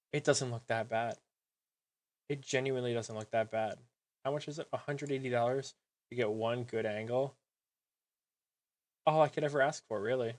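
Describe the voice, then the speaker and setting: Man gushing with mock sentimentality. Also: medium pitch. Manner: halting restarts and trailing sentences. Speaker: collectible figure reviewer. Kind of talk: sarcastic product review vlog.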